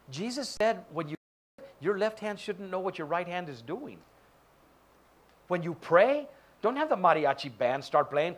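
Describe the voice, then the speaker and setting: A man's voice: sits high, unhurried, long pauses. A male pastor giving a sermon in church, joking and acting out quoted voices. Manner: animated, jokey, acts out quoted voices. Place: church sanctuary.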